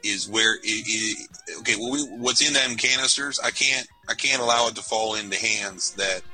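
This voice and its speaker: A man playing a tabletop game in character, talking in a halting, casual drawl. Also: mid-range voice, bright, forceful tone, breathy edge, soft background music, poor audio. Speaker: player.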